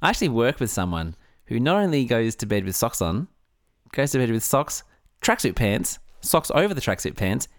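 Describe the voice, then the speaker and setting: A man's voice: mid-range voice, moderate pace, no echo, studio quality. A man in his thirties with an Australian accent, co-hosting a podcast and telling stories with comic grumbling. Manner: animated storytelling, grumbling for laughs. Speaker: podcast co-host. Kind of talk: casual chat.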